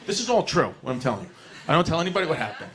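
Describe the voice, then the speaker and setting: A man's voice: on the high side, sing-song, racing, fairly bright tone. A man, telling a rambling, profane stand-up story to a club audience. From New York City. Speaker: stand-up comedian.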